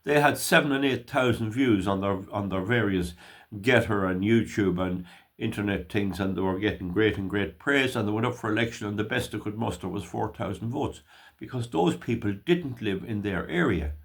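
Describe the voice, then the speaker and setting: A man's voice: fairly low pitch, normal speed, creaky. An older Irish man giving emphatic, opinionated political commentary in a vlog. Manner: emphatic, opinionated ranting delivery.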